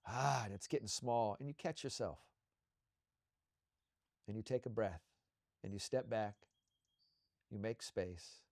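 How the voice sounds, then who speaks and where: A man co-hosting a show, leading a slow guided visualization with soothing, repetitive coaching cues. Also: on the low side, creaky, darkish tone, no echo, studio quality.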